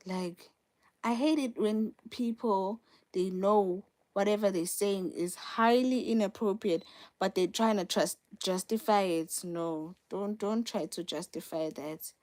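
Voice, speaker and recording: A young woman hosts a casual live stream from her phone, speaking straight to her viewers in an unhurried, mid-range, slightly mellow voice. She repeats herself for emphasis.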